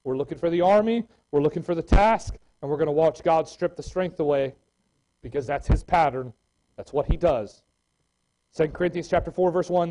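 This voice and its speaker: A man preaches in a church with a high voice. He moves between loud, excited calls and hushed readings of scripture. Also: a little fast, low-quality recording. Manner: animated preaching, swinging from loud exclamations to quiet scripture reading. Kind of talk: sermon.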